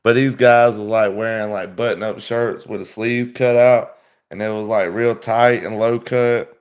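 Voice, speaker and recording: A man's voice: on the low side, steady tone, unhurried, smooth. A man hosting a livestream, telling stories in a rambling, over-the-top way with lots of laughing. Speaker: livestream host. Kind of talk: casual livestream chat.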